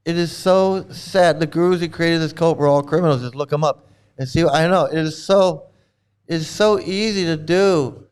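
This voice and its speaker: This man's voice is a little high, with a steady, clean tone at a normal speed. Hosting a livestream, he comments with exasperated emphasis, repeating himself a lot and using profanity.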